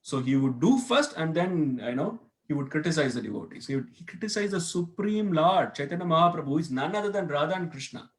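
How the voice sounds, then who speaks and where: A man's voice: a little high, expressive, quick pace, few pauses. Man giving a storytelling scripture class. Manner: storytelling with questions to listeners, acted quotes. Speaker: class speaker. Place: temple hall.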